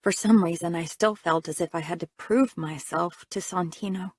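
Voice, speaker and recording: A woman's voice: on the low side, normal speed, breathy edge. A woman narrating a first-person audiobook in a reflective, conversational reading.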